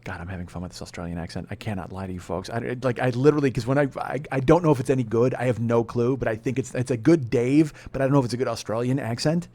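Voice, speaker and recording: A man's voice: mid-range voice, rapid-fire, hardly any pauses, mellow. Rambling, cussing man telling a story. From Chicago. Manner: rambling, profane, self-deprecating. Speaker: podcast host. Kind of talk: casual comedic storytelling.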